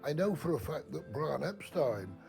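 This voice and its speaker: A man comments in an interview with a firm, assured delivery. His voice is gravelly and slightly raised in pitch. Faint music plays behind him. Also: very animated, moderate pace, darkish tone.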